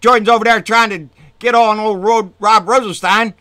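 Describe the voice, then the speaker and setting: A man delivering an angry, profane political rant on his own channel, swinging from low muttering to loud outbursts. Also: fairly even intonation, normal speed, clean tone, no echo. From Texas. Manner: profane, fired-up, swings between muttering and shouting. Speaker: political vlogger.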